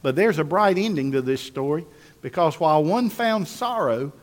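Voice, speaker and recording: An emphatic male pastor preaching a sermon, driving points home through repetition and calls to the congregation. His voice sits slightly high and rings with a long echo through a large hall. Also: expressive, normal speed.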